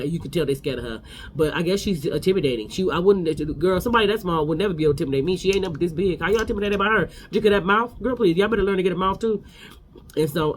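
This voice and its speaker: A man's voice: a little high, a little hiss or hum. A man giving a casual, sassy gossip recap of a reality show, talking straight to his viewers.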